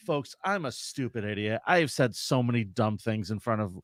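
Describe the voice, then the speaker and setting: A man's voice: mid-range voice, expressive, normal speed, no room sound, studio quality. A man co-hosting a casual podcast, reading chat messages in a joking, self-mocking way. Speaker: podcast co-host.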